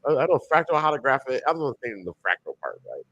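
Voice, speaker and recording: A man co-hosting a podcast in casual chat, rambling and animated, with many restarts and slang. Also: medium pitch, fast, dry recording, dull audio. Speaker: podcast co-host.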